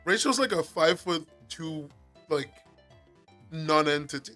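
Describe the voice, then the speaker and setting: An excitable English man livestreaming from home, bantering with his chat and cursing freely. His voice sits a bit on the high side for a man. Soft music plays faintly under his talk. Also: measured pace. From England. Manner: excitable, swears a lot, laughs often. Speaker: streamer. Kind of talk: casual live-stream chat with viewers.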